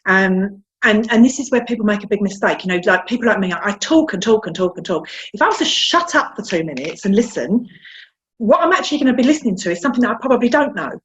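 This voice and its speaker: A woman's voice: medium pitch, animated, quick pace, a bit bright, poor audio. Chatty South London woman, frank. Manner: chatty, frank, self-deprecating, repeats words. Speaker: guest. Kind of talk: candid interview chat.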